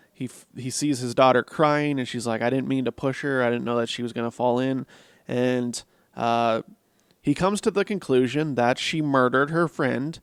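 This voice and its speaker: A man's voice: medium pitch, clean tone, no echo, clean studio sound. A man giving a casual, blunt film review, swearing freely and laughing at his own jokes. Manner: blunt, profane and sarcastic. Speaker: movie reviewer.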